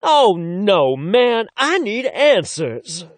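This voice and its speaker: A male narrator puts on a nosy young buddy from an audiobook, pushing for answers with eager, drawn-out questions. His pitch jumps around in a lively, raised sing-song. The voice stays dry and close. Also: no echo, exaggerated voice. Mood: incredulous. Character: excitable young man, nosy friend.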